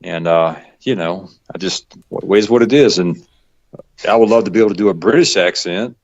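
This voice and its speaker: Casual podcast guest: Southern man, low voice, rambling with stops and starts, muffled lo-fi sound. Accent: Southern US, Georgia. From Georgia, US South. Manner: rambling, halting, laughs often. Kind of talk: casual chat. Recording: dull lo-fi podcast audio.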